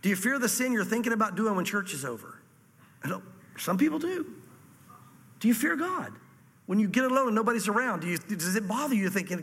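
A man preaching a sermon in church, reading scripture slowly and explaining it in a plain, earnest way. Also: sits high, big pitch swings, pushed and bright, long reverb tail. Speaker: pastor.

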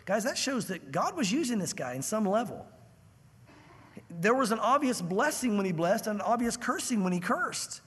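A man preaching a verse-by-verse sermon as a pastor, emphatic and conversational, with quick asides to the listeners. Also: high voice, sing-song, fairly bright tone, husky, big-room sound. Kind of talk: expository sermon.

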